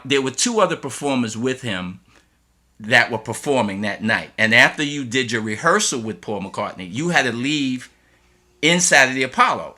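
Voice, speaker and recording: A middle-aged man, a school teacher, telling an animated story in an interview and acting out the people he quotes. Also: medium pitch. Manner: lively storyteller who acts out the voices of people he quotes.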